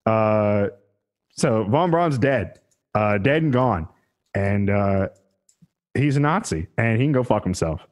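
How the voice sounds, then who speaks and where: A man's voice: on the low side, lively intonation, slow pace, long pauses. A man co-hosting a podcast, telling history in a casual, profane, rambling way and laughing at his own jokes. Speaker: podcast co-host. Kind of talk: casual comedic history chat.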